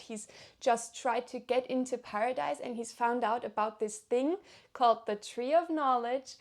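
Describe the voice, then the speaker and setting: A woman with a slightly higher voice gives a casual book review on her vlog. She talks with eager, chatty enthusiasm and often repeats or rephrases herself mid-thought. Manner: enthusiastic, chatty, with frequent self-corrections. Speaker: book vlogger.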